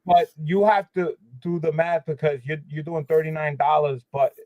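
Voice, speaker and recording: A man holds court on a livestream in a casual, animated way, leaning hard on his complaints and padding them with fillers. His voice sits a little high. It comes through dry and close, but the sound is dull and lo-fi. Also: normal speed, no echo. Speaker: livestream host. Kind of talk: casual chat.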